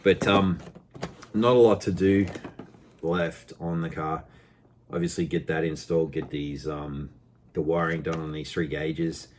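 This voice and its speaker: A man's voice: a bass voice, fairly even intonation, unhurried, a little hiss or hum. An Australian man ranting casually in a car vlog, frustrated and swearing freely between jokes. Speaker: car vlogger.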